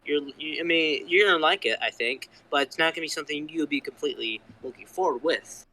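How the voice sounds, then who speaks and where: A man's voice: a little high, fast, sharp tone, poor audio. A man co-hosting a podcast in casual chat, eager and stumbling over his words. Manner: eager, hesitant, stumbles and restarts. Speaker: podcast co-host.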